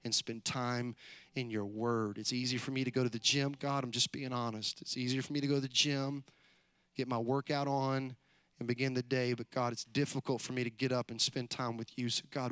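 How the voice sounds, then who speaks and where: A man's voice: medium pitch, steady tone, moderate pace, fairly bright tone, dry recording. A man giving a church's closing announcement, earnest and inviting. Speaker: church host.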